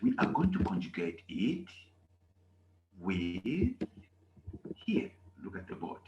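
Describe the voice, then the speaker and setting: A man's voice: sits low, huge pitch swings, slow pace, warm tone, muffled recording. Man teaching in an echoey classroom. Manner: repetitive, emphatic, asks "okay?" often. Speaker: German teacher. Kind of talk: classroom lesson.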